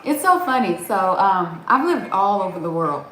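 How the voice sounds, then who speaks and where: A woman's voice: medium pitch, sing-song, normal speed, fairly bright tone, echoey room, slight background noise. A woman with a Southern American accent, hosting a casual live stream and chatting with viewers, greeting them by name and laughing often. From Southern United States.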